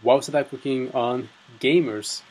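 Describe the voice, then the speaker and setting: A man's voice: medium pitch, normal speed, a little mellow, poor audio. A man hosting an interview, asking short questions and encouraging his guest.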